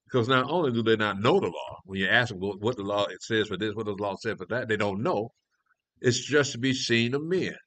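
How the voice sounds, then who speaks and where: A man's voice: on the low side, brisk, a bit bright, no room sound. A man teaching a scripture class in a conversational way, reading verses and asking rhetorical questions. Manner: conversational, restarts often, asks rhetorical questions. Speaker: elder teaching a prophecy class.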